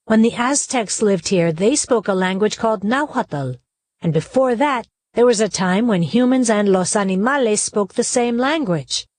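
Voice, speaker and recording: A woman's voice: mid-range voice, animated, normal speed, no echo, clean studio sound, lightly acted. A woman as a kind old grandmother. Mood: gentle. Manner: gentle explaining.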